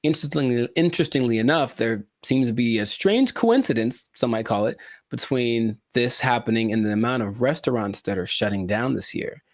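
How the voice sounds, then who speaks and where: A man co-hosting a casual podcast, talking in a joking, rambling way with animated asides. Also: mid-range voice, fairly quick, no echo, clean studio sound. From California. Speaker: podcast co-host.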